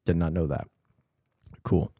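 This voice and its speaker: A man's voice: deep voice, no room sound, clean studio sound. A man co-hosting a movie podcast, animatedly retelling scenes in casual chat. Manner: animated retelling, slips into quick voices. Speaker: podcast co-host reviewing a movie.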